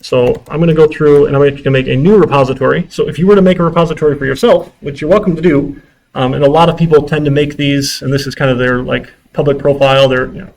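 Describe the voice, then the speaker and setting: A man's voice: mid-range voice, gravelly, a little mellow, poor audio. A man giving a casual classroom lecture as a university instructor, chatty, with exasperated asides and frequent fillers.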